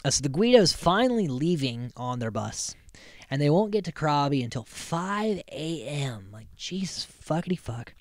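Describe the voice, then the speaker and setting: A man's voice: on the high side, big pitch swings, moderate pace, a little mellow, dry recording. A man hosting a podcast, recapping a reality show in a loose, rambling way with plenty of swearing. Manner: rambling, profane, loose storytelling. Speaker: podcast host.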